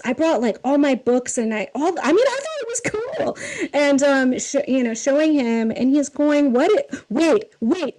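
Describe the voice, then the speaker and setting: A woman with a fairly high voice tells casual stories as a podcast guest. She is animated and self-deprecating, and she laughs often. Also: poor audio. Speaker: guest, film key costumer.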